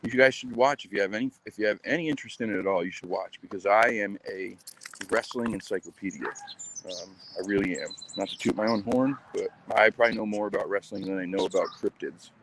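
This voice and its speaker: A man's voice: on the low side, fast talker, fairly bright tone, a little hiss or hum. A man casually chatting on a live stream while walking his dog outdoors, rambling with lots of ums and uhs. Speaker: channel host.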